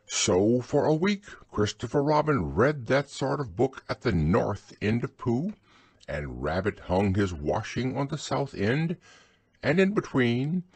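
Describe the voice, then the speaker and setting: A man narrating a storybook as a bedtime audiobook, husky, slow and soothing. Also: mid-range voice, dry recording.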